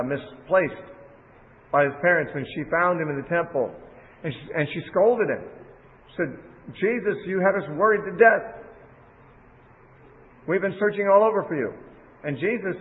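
Male Bible teacher, fairly high voice, casual sermon delivery, thin phone-quality audio. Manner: conversational, paraphrases scripture in everyday words. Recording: phone-like audio in a reverberant hall.

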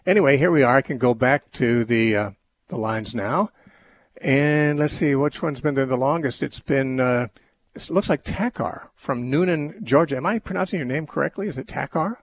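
A man's voice: mid-range voice, moderate pace. A man hosting a call-in radio show, answering Bible questions in a thoughtful, rambling way with many restarts.

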